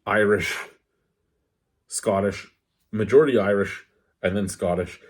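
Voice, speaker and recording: A man with a slightly low, husky voice, casually reviewing a beer on camera. He chats loosely and wanders off into tangents before coming back. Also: a little slow. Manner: rambling, digressive, candid; talks with his hands.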